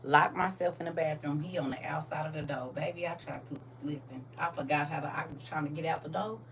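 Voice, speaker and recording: Gravelly and low-pitched, this middle-aged TikTok live host talks fairly quickly, spinning blunt, scolding stories in a casual way. The recording is distant from the mic and carries faint noise.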